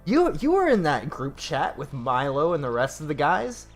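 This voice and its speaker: A man's voice: on the high side, huge pitch swings, moderate pace, soft background music. Sarcastic man hosting a late-night stream. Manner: sarcastic, profane, mocking. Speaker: stream host. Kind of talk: late-night livestream commentary.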